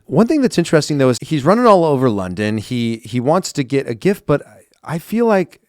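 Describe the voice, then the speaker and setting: Male podcast co-host, casual and playful, lively delivery, dry close-mic sound. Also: fairly high pitch, fairly quick, no room sound. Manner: playful, animated storytelling with put-on voices. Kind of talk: casual chat.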